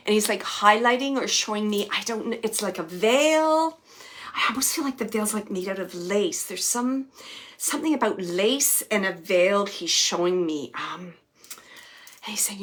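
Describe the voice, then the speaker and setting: A woman psychic medium at an ordinary middle pitch, talking to a sitter during a live reading. She gropes for words with plenty of fillers and restarts, and now and then she drops to soft, near-whispered asides. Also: measured pace. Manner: hesitant, searching, many fillers and restarts. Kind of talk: live mediumship reading, relaying spirit messages.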